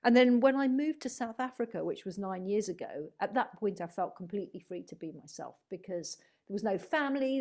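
A middle-aged woman who works as a psychotherapist and spiritual healer is a guest in a conversational interview. Her voice is mid-range with a darkish tone, and she reflects in a rambling, story-driven way, acting out the voices of people she quotes.

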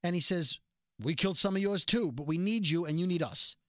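Sarcastic mid-pitched podcast recapper, dry sound. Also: a little fast, no echo. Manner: sarcastic, animated retelling of scenes. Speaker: podcast co-host. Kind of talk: casual TV episode recap.

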